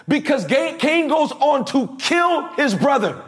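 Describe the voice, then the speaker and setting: A man preaching a sermon to a church congregation, energetic and calling out to the crowd for answers. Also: very high-pitched, measured pace, hardly any pauses.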